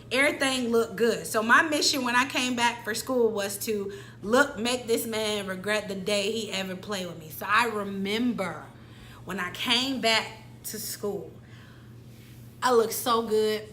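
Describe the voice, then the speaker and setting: Woman vlogger, casual dramatic storyteller, bright tone, faint hiss behind. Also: medium pitch, a little slow. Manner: animated, dramatic, slangy.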